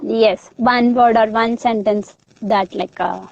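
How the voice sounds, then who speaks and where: A woman's voice: a little high, steady tone, takes it slowly, creaky, no room sound. Upbeat woman host, dry muffled audio. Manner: upbeat, peppers speech with "like". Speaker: interviewer. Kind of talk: casual interview.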